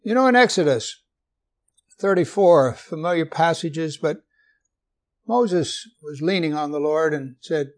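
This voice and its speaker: A man delivering a sermon in a somewhat high voice. He reads scripture aloud, asks his listeners questions, and slips in gentle jokes. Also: lively intonation, unhurried. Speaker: preacher.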